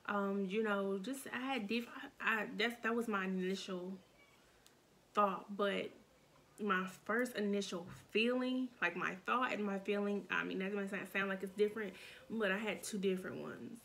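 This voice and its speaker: A young woman telling a painful personal story in a halting, emotional way, with many restarts and fillers. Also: mid-range voice, fairly even intonation, creaky, a bit bright. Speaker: storytime vlogger.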